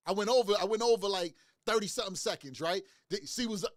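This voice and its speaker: A man's voice: high-pitched, fast, no room sound, studio quality. A man telling a motivational story in loose slangy talk, often repeating his words as he goes. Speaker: motivational speaker.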